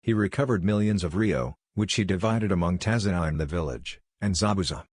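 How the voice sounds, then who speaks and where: A man narrating a fan fiction story in an even, steady reading. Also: low-pitched, a little fast, breathy edge, no room sound, clean studio sound.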